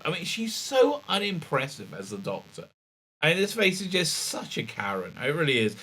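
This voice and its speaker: A man casually recapping a show episode, sarcastic and rambling, with many fillers and mocking high-pitched quotes. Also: huge pitch swings, moderate pace, pushed and bright. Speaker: reviewer and show host.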